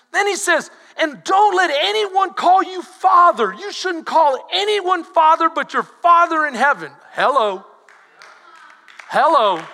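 A man, preaching a sermon as pastor, animated and shouting out the scripture he quotes. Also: extremely high pitch. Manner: animated, switches to shouting when quoting. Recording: long hall reverb.

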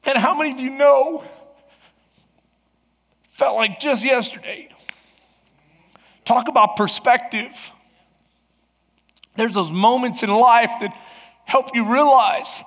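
High-pitched guy pastor preaching, emotional story, lots of restarts, long echo. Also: takes it slowly, long pauses, a bit bright. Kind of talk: sermon. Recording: long hall reverb.

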